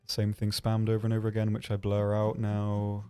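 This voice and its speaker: A man with a lowish, mellow voice chats casually through a desk microphone as he answers viewer questions on a stream. He meanders through each answer with plenty of ums and restarts, and keeps a dry, deadpan humor. Soft music plays faintly in the background. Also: normal speed, clean tone. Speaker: livestream host.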